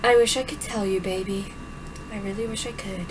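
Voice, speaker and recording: A woman voicing a gentle, worried mother who speaks softly and soothingly. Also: medium pitch, steady tone, brisk, noisy background, pitched below the performer's own voice, lightly acted. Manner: soft, soothing.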